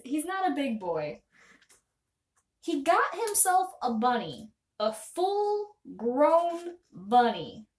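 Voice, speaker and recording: A woman's voice: high-pitched, a bit bright. A young woman chatting casually on a live stream, rambling and self-deprecating.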